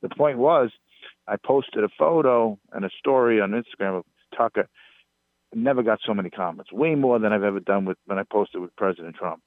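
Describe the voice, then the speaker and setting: A man with a New York accent telling stories as a guest on a talk show, talking casually with emphatic rises and halting fillers. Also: fairly low pitch, no room sound. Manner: storytelling, rising emphatic on complaints, halting fillers. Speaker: guest, PR strategist. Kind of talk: casual interview chat. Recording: dry tinny phone line.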